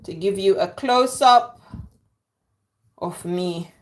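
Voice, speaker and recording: Slow, teasing woman cooking. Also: mid-range voice. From London. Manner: teasing banter with viewers. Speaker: cooking vlogger. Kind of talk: chatty live cooking stream. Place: home kitchen. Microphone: camera on a tripod.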